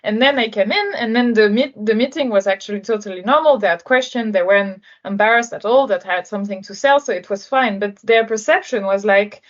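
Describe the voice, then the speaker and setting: A woman's voice: mid-range voice, fairly quick, hardly any pauses, dull audio. A woman from France, a guest on a podcast, talking through her work experience in a thoughtful way with frequent hesitations. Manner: thoughtful, many hesitations and fillers. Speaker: podcast guest, sales executive. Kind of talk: conversational interview.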